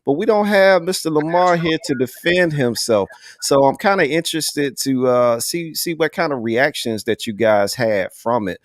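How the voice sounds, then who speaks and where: A man's voice: fairly high pitch, normal speed, no room sound. Brief: male host of a casual video-call panel, slangy and easygoing, dry close sound. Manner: laid-back, slangy, says "man" often. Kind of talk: casual live panel hosting.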